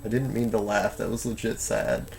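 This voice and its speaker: A man's voice: fairly low pitch, very animated, normal speed, creaky, a little mellow. Rambling young man streaming. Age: 20s. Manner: meandering, many fillers and restarts, reads chat aloud. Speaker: live streamer reading chat. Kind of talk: casual rambling stream chat. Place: at home.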